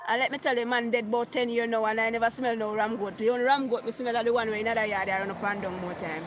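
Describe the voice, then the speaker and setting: She's a middle-aged Jamaican vlogger going live on her phone, reading viewer comments aloud and blending patois into her chatty talk. She speaks fast in a steady, high-leaning tone against a noisy background.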